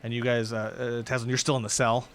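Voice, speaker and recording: A man's voice: medium pitch, flat delivery, quick pace, fairly bright tone, a little hiss or hum. A man narrating a tabletop game as game master, setting scenes in a casual, conversational way. He is self-deprecating and laughs easily.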